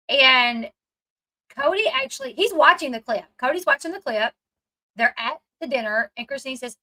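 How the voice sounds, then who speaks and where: A woman's voice: high voice, lively intonation, moderate pace, sharp tone, rough recording. A woman hosting a casual commentary recap, retelling scenes chattily and acting out what people said. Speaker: commentary channel host.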